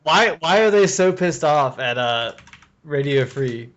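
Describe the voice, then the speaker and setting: A man's voice: fairly high pitch, expressive, a little slow, fairly bright tone, highs cut off. A man hosting a podcast, talking in loose, profane, casual banter and laughing easily. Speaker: podcast host.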